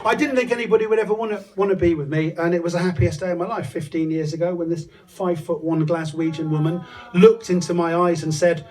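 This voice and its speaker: A man's voice: a little high, steady tone, fast talker. A man doing a crude, swearing stand-up comedy set outdoors on a hot tub, telling a story with mock-paranoid asides. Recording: distant mic, loud crowd around. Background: crowd laughing.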